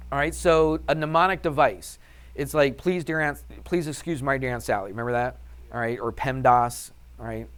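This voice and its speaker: A man teaching a math class, upbeat and chatty, firing questions at the students and answering them himself. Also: mid-range voice. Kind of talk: classroom lesson.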